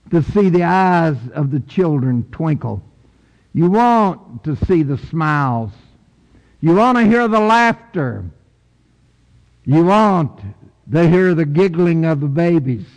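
An older man preaches from the pulpit in a high, emphatic voice. He takes his time and leans hard on key words, sometimes climbing sharply in pitch. The sound rings with a long reverb, as in a large church. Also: lively intonation. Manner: slow, emphatic preaching with rising outbursts. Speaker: pastor. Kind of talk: sermon.

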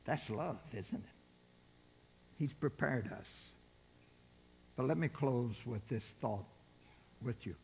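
A man's voice: medium pitch, slow, vocal fry, long pauses, darkish tone, long reverb tail, a little hiss or hum. An older man preaching a sermon, putting rhetorical questions to his congregation.

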